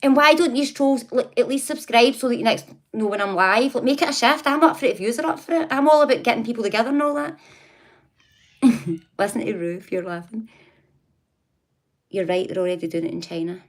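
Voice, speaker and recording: A woman's voice: on the high side, fairly quick. A woman hosting a casual livestream, chatting, laughing often and talking back to her viewers. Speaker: livestream host.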